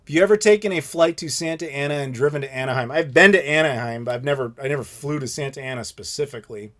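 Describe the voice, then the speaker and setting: An American man in his thirties hosting a live Q&A stream, telling stories in a blunt, animated, profane way. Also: mid-range voice, quick pace. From United States. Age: 30s. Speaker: channel host.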